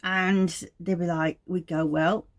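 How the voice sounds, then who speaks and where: A woman's voice: on the low side, unhurried. A woman, an aromatherapist, giving an informal teaching talk in a meandering, anecdotal way.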